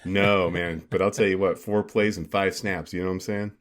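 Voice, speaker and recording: A man's voice: low voice, fairly even intonation, normal speed. A man co-hosting a podcast, telling rambling stories with lots of fillers. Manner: rambling, laid-back, lots of "like". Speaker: podcast co-host. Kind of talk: casual podcast chat.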